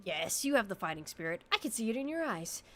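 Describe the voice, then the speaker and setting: A woman voicing a gruff male guildmaster as she reads game dialogue aloud on a stream, pushing her voice down to sound rougher. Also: mid-range voice, big pitch swings, quick pace, a bit bright. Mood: instructive. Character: gruff male guildmaster, brusque then welcoming.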